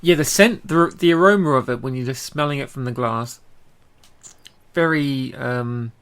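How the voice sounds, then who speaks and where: A man's voice: mid-range voice, normal speed, a bit bright, clean tone. A man with an Australian accent co-hosting a casual podcast, chatty, with lots of ums and frequent laughs. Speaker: podcast co-host. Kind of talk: casual chat.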